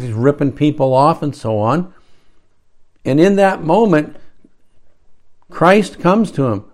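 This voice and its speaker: Slow, easygoing male preacher. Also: on the high side, darkish tone. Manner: rambling, with restarts and rhetorical asides. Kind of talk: conversational sermon.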